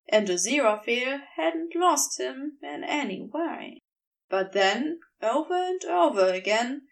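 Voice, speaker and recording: Slow, expressive woman narrator. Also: sits high, gravelly, far from the mic. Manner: unhurried, expressive reading. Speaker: podfic reader. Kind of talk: storybook narration.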